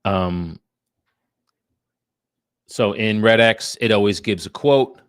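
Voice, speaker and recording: Brief: low, gravelly-voiced New man rambling to viewers, dry close sound. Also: slow, no echo. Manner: casual, rambling, talks to viewers between calls. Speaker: real estate agent. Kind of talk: casual livestream chat while cold calling. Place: his home studio.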